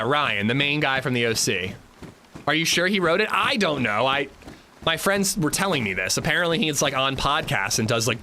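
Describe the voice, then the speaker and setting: A man hosting a casual livestream, telling animated, profane stories while playing and chatting with viewers. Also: on the high side, a little hiss or hum. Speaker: livestream host.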